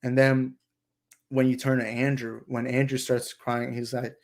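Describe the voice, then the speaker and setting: A young adult man hosting a casual movie discussion livestream, excited and rambling, with lots of fillers. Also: medium pitch, unhurried. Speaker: channel host.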